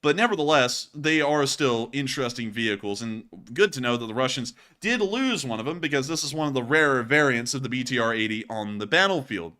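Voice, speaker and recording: A man's voice: mid-range voice, lively intonation, fairly quick, hardly any pauses, pushed and bright. A man hosting a war news show, commenting casually and jokingly over footage. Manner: chatty, joking, says y'all.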